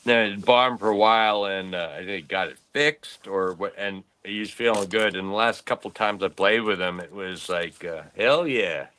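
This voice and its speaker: A man's voice: lowish voice, moderate pace, few pauses, pushed and bright, slight background noise. A man in his late fifties, a podcast host, telling rambling stories in casual chat and laughing often. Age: 50s.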